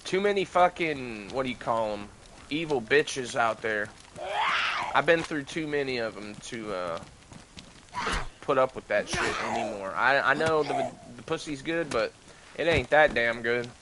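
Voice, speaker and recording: A man's voice: mid-range voice, lively intonation, measured pace, pushed and bright, slight background noise, poor audio. A young man chatting casually while streaming a game, rambling and swearing freely. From United States. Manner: loose, rambling, frequent swearing. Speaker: livestreamer. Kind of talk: casual gaming livestream chat.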